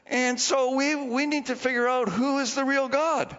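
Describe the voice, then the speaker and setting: A man preaching a sermon as pastor, telling the story in an animated way and acting out the people in it. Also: very high voice, moderate pace. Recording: dull lo-fi recording with long hall reverb.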